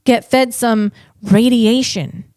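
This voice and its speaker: A woman's voice: a little high, steady tone, slow pace, darkish tone, no echo, clean studio sound. A woman comedian hosting a solo podcast, reading facts and riffing playfully, stumbling on hard words.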